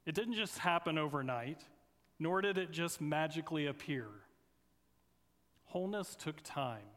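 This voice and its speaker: A man preaching a sermon as a guest speaker, opening with a prayer and speaking in earnest, measured phrases with pauses between them. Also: a little high, animated, a bit bright. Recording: long reverb of a large hall.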